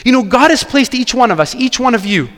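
High-voiced pastor preaching. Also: male voice, a little fast, big-room sound. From Quebec. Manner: animated storytelling, acting out dialogue. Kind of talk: sermon.

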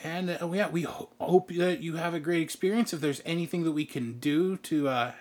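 A man's voice: on the high side, steady tone, a little fast, voice pushed up, close to an everyday voice. A man voicing a polite male event manager giving a formal welcome. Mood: welcoming.

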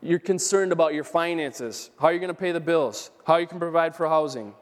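A man's voice: a little high, fairly quick. A male pastor preaching a sermon, repeating his key phrases for emphasis and reading scripture aloud. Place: church sanctuary. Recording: church sermon with a long hall reverb.

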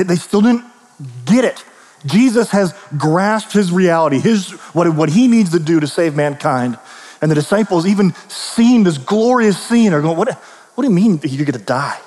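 A man preaching a sermon as pastor, casual and storytelling, tossing in quick asides and questions to the listeners. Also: a little high, a little mellow. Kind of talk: conversational sermon. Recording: long reverb of a large hall.

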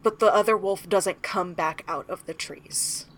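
A woman narrates her character's actions in a tabletop game at a slow, unhurried pace. She often leans on "like" as she talks. Faint noise hums in the background. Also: on the low side, poor audio. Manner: slow narration with laughs, peppered with "like".

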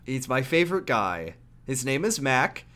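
Male co-host, casual game recap, animated delivery, ordinary mid-range voice. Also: mid-range voice, measured pace. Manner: animated, acts out character lines.

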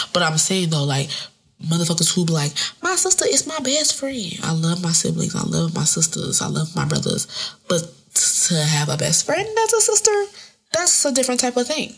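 A woman hosts her own podcast and rambles on in a joking, profane way. Her voice is gravelly and a bit husky. Her pitch swings up and down a lot as she talks. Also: a bit bright. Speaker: podcast host. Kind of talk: casual solo podcast monologue.

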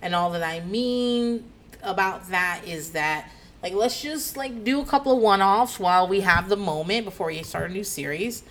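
Woman, 30s, podcast host; profane, animated storyteller who laughs a lot. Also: medium pitch, normal speed. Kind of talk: casual storytelling chat.

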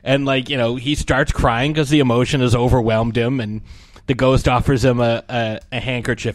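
A man chatting casually about a movie, acting out lines from scenes in quick impressions. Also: mid-range voice, steady tone, dry recording.

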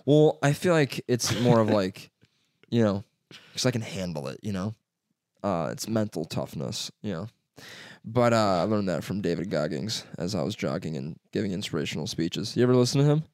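A man's voice: fairly low pitch, animated, moderate pace, a little mellow, no room sound, clean studio sound. A young man with a stuffy nose, co-hosting a podcast in casual, rambling chat, swearing and laughing often. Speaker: podcast co-host.

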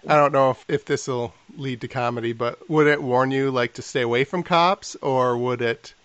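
Smooth-voiced man asking playful questions. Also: medium pitch, normal speed, fairly bright tone, no echo, dull audio. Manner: curious, asks playful questions. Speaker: host. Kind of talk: casual interview chat.

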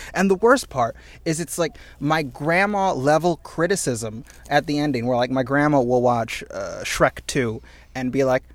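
A man co-hosting a casual podcast chat, talking in an animated, ranting way and swearing freely, getting louder and higher when indignant. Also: no echo. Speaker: podcast co-host.

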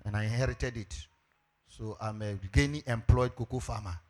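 A man's voice: mid-range voice, steady tone, moderate pace, a little mellow, voice pushed down, natural voice. A man with a Ghanaian accent voicing an earnest, humble male cocoa farmer, who speaks in a plain, eager way.

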